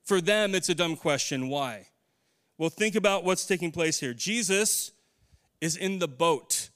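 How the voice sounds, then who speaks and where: A man's voice: fairly high pitch, a bit bright. A middle-aged man preaching a conversational sermon, putting questions to his congregation. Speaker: pastor.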